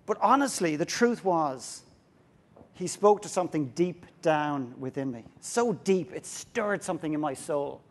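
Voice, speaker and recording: A man's voice: a little high, animated, unhurried. An Irish man giving a humorous, story-driven talk from a stage to an audience. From Ireland. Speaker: speaker. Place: stage before a live audience.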